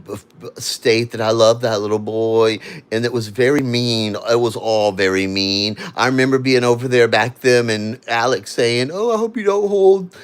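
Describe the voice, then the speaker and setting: A man's voice: fairly low pitch, clean tone. A man vlogging, ranting in an agitated way and swearing as he addresses a critic directly. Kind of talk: angry livestream rant.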